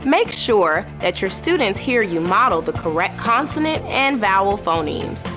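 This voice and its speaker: Slow, lively woman modeling speech sounds. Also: medium pitch. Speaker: reading instructor. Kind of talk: scripted instructional narration. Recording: voice-over with music behind.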